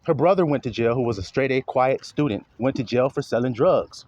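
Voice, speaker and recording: Animated, preachy man with a lively voice. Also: medium pitch, fairly quick, dull audio. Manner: preachy, blunt, swears freely; mocking sarcasm. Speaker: online commentator; father. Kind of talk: impassioned spoken monologue.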